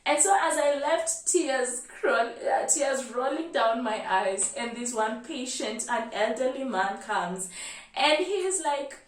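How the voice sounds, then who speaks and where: A young Kenyan woman with a fairly high voice tells a story from her life in a lively, animated way. She sits a bit back from the mic, and her voice rings in a roomy, echoey space. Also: slow, distant mic. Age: 20s. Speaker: medical student vlogger. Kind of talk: storytelling vlog.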